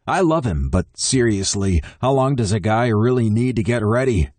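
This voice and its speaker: A man's voice: mid-range voice, expressive, normal speed, a little mellow, no room sound. A man narrating a romance audiobook in first person, wry and conversational.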